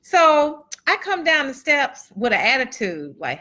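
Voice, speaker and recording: A woman with a bright, forward voice shares a personal testimony with a live crowd. She talks in a chatty, folksy way, calls the listeners y'all and acts out the dialogue as she goes. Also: sits high, very animated, a little slow, few pauses. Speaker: motivational speaker and author.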